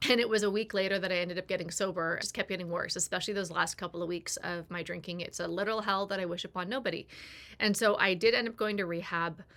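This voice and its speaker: A woman's voice: on the low side, steady tone, fast talker, a bit bright. A woman in her forties telling a candid personal story to the camera, acting out the voices of people in it. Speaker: personal growth creator. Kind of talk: confessional storytelling.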